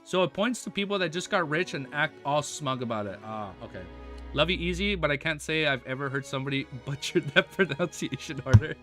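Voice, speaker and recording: A streaming American man with a bright, forceful, slightly high voice reads a novel aloud. Between passages he chats in a laid-back, slangy, excitable way. Faint music plays underneath. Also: brisk. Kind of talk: reading a novel aloud on a livestream, casual chat.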